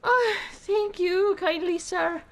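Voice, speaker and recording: An actress playing an excitable young tavern barmaid in video game dialogue. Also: female voice, extremely high pitch, slow pace, exaggerated voice.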